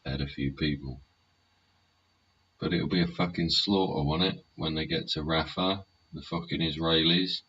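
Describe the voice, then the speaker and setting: Male host, very low, sharp-edged voice, rambling sweary tag-question delivery; dull recording with faint hiss. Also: fairly even intonation, normal speed, few pauses. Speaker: host of a live solo show. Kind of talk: rambling live chat. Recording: muffled lo-fi sound, faint hiss.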